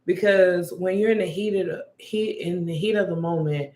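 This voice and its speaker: A young woman, a restaurant manager, telling a story in casual chat and acting out the quotes in an animated way. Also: lowish voice, moderate pace. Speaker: restaurant manager and podcast co-host. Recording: echoey room.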